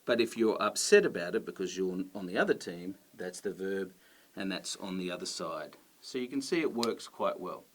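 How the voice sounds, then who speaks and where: Australian male teacher, lower voice, clear and emphatic delivery to camera. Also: normal speed. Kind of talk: explaining to camera.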